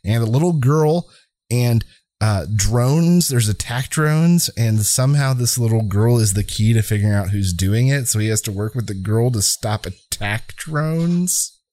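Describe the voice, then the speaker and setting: A man co-hosting a casual podcast, running a quiz game and reading the clues in a deadpan way. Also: medium pitch, a little slow. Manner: deadpan, reads clues flatly.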